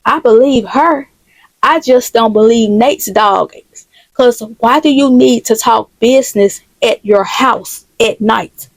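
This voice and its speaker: A woman's voice: a little high, takes it slowly, no room sound, poor audio. A woman voicing an earnest, devoted man pleading with his partner. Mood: doubtful.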